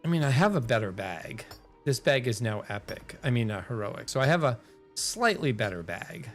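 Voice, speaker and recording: A male game streamer at a medium pitch talks in a loose, rambling way, half to himself and half to his viewers. Faint music plays behind him. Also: very animated, normal speed, a bit bright. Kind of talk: casual thinking aloud while gaming.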